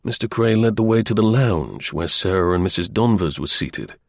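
A man reads an audiobook in a measured storytelling way. His voice is gravelly and husky, and his pitch rises and falls a great deal. The recording is dry, with no room sound. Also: expressive, dry recording. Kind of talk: audiobook narration.

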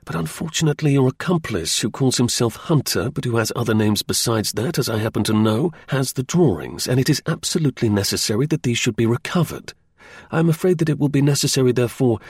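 Storybook role: stern commanding detective, gravelly and husky, read by a man. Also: mid-range voice, a little mellow, no room sound, studio quality. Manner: stern, measured. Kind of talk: audiobook reading.

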